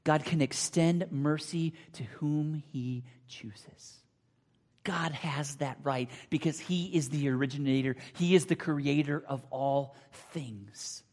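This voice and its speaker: A man preaching a sermon, emphatic and repetitive, swinging between loud declarations and near whispers. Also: fairly high pitch, takes it slowly. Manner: emphatic, repeats phrases, drops to near whispers. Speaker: pastor. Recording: long hall reverb.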